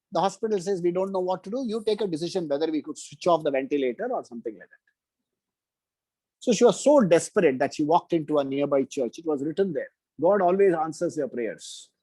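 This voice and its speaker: A man, giving a spiritual discourse full of stories, often slowing to stress his lessons. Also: sits high, a little mellow, dry recording, low-quality recording. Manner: slow emphatic storytelling with quoted dialogue. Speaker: spiritual teacher. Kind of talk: storytelling discourse.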